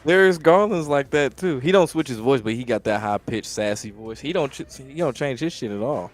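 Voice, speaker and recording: A man's voice: mid-range voice, expressive, a little fast. A man hosting a podcast, talking sports in casual, slangy, profane chat. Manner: profane, laid-back, slangy. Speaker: podcast host.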